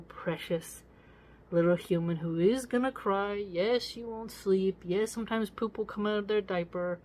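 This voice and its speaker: A woman's voice: lowish voice, a little mellow. A woman giving casual spoken commentary on a book. She talks to listeners directly in a preachy, emphatic way and repeats words for stress.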